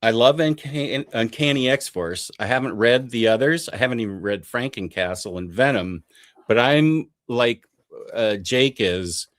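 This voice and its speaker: A man's voice: mid-range voice, lively intonation, measured pace, a bit bright, dry recording. Guy hosting a comics stream, rambly, lots of ums, mid voice. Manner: rambling, hesitant, lots of fillers. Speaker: podcast host. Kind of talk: casual live-stream chat.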